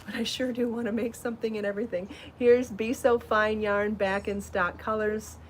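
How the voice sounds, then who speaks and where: A woman's voice: mid-range voice, little pitch movement, moderate pace, a little hiss or hum. Breathless, chatty woman host. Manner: chatty and enthusiastic, laughs at herself. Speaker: podcast host showing her yarn designs. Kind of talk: casual live show chat.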